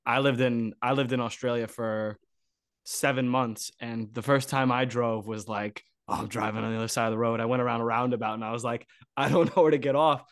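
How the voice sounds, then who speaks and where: A man's voice: medium pitch, little pitch movement, brisk, fairly bright tone, clean tone, no echo, studio quality. A man from the United States hosting an interview, friendly and chatty, asking long rambling questions. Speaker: host. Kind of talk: casual interview chat.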